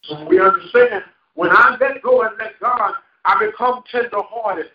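A male pastor preaching a sermon with call-and-response, laughing at times and rising into shouts. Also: sits high, normal speed. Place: church sanctuary. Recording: echoey church hall, lo-fi. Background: congregation responding.

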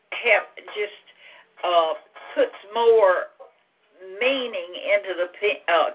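Slow-talking woman, muffled audio. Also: mid-range voice. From Louisiana. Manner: halting, gentle, full of fillers and restarts. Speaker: Bible study leader. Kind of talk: casual Bible study talk and prayer.

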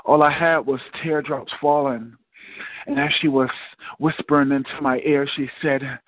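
A man's voice: mid-range voice, steady tone, moderate pace, no echo. Male spoken word poet, dramatic recitation, dry sound, tinny phone line. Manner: hesitant, soft-spoken chat before reading; dramatic, rising, impassioned recitation. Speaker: guest poet. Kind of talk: spoken word poetry performance.

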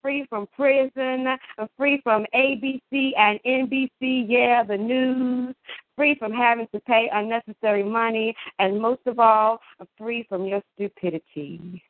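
A woman's voice: a little high, steady tone, no room sound. Woman performing spoken word by phone. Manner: emphatic, playful wordplay, deliberate delivery. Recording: tinny phone line.

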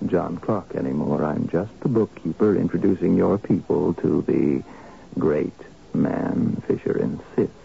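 An actor in a 1970s radio drama playing a calm, matter-of-fact man who gives business advice. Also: sits low, a little slow, vocal fry, full character voice. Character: calm, detached male oracle businessman. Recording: dull old radio broadcast with faint hiss.

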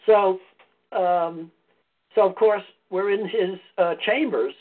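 A podcast guest who founded a foundation tells a meandering personal story in a casual, conversational way. His high-pitched voice moves slowly with fairly even intonation, heard as tinny audio over a phone or call line.

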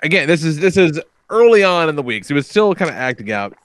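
A young adult man hosting a podcast, telling stories in casual, animated chat with lots of swearing and laughter. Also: on the high side, fast, no room sound. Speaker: podcast host.

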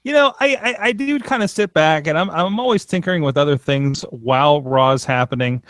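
A man hosting a casual podcast chat, excitable and prone to stammering restarts. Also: fairly high pitch, a little fast, no room sound, clean studio sound. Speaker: podcast host.

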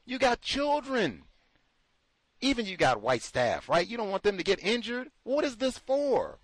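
A male talk-show host delivers his commentary in a fairly high voice that swings widely in pitch. He is sarcastic and incredulous, firing off rhetorical questions. The recording is dry and close. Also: big pitch swings, measured pace, no room sound.

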